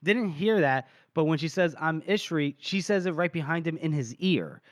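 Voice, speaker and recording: A man's voice: fairly high pitch, expressive, moderate pace, no room sound, clean studio sound. A man co-hosting a podcast, casually retelling a book chapter and briefly acting out the characters' lines. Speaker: podcast co-host.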